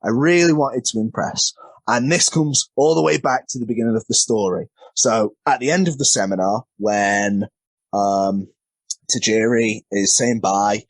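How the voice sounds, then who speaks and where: A man's voice: fairly low pitch, normal speed, no room sound. Man rambling through wrestling stories. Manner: rambling, self-deprecating, stumbles over words. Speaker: wrestler guest. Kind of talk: casual interview storytelling.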